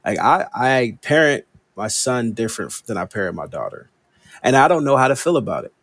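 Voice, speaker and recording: A man's voice: mid-range voice, sing-song, brisk, fairly bright tone, no echo, clean studio sound. A man in his thirties from Los Angeles chatting casually as a podcast co-host, candid and confessional, often saying "man". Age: 30s. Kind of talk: casual chat.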